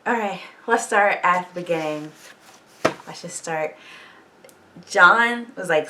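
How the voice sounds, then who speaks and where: Woman with a low voice, swearing, animated. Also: slow pace, long pauses, distant mic, a little hiss or hum. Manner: animated, swears freely, laughs often. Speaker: TV show reaction vlogger. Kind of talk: casual reaction recap.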